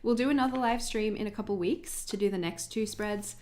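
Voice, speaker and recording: A woman's voice: medium pitch, fairly quick, a little mellow. A young adult Australian woman chatting casually with viewers while she hosts a journaling livestream. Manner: chatty, bubbly, talks to chat viewers.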